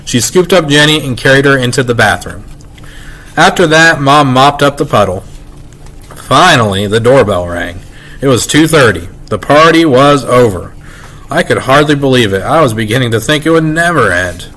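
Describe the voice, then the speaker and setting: A man reading a children's novel aloud in an expressive, lively storytelling manner. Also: medium pitch, moderate pace, low-quality recording. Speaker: reader.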